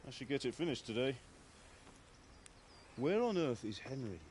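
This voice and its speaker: A gruff middle-aged village blacksmith, played by a man, scolding his lazy son. His pitch moves in lively swings, with faint noise in the background. A game scene. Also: normal speed, lightly acted.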